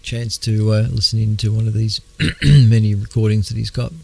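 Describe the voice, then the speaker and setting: An Australian man hosting an astronomy radio show, talking in a halting, casual way with many fillers, clearing his throat as his voice wears out. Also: fairly low pitch, fairly even intonation. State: losing his voice. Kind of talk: casual astronomy news talk.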